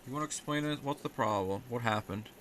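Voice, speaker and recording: A man's voice: mid-range voice, fairly quick, a bit bright, slight background noise. A young man rambling sarcastically on a casual live stream while he talks back to his chat.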